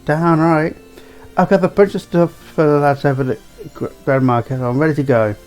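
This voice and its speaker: A brash, excitable young woman bursts with energy, as a man puts her on. Her voice rides a little high over faint background music. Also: moderate pace, clear, resonant tone, lightly acted. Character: brash, spirited young woman, a trader's daughter.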